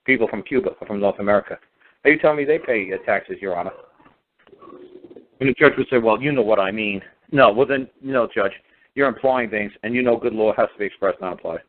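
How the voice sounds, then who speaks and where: A man's voice: fairly low pitch, fast talker. A man talking in a casual radio conversation, emphatic and sarcastic, repeating his points over and over. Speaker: guest speaker on law. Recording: tinny phone line.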